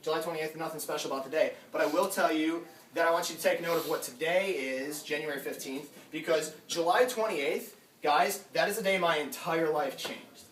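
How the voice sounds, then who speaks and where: A young man in college delivers an energetic pitch to a group gathered in a house, his voice sitting a little high for a man. He is heard from a distance in an echoey room, with a faint hiss behind him. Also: a little fast. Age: young adult. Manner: energetic, addresses crowd directly, acts out quoted dialogue. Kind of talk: sales pitch to a small audience.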